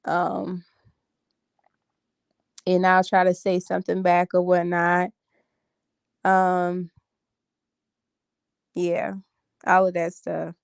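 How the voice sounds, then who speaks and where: A woman's voice: on the low side, completely flat delivery, extremely slow, creaky, pauses often, clean tone, no echo. A tired woman in her thirties chatting casually to viewers on a phone livestream, calling them y'all and honey. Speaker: vlogger.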